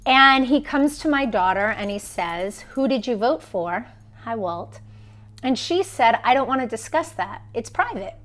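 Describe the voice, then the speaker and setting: A woman in her thirties talks into her phone on a live stream, her voice sitting a little high. She tells the story with emphasis and swings her voice up and down as she acts out the people in it. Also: expressive, normal speed, fairly bright tone. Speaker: vlogger.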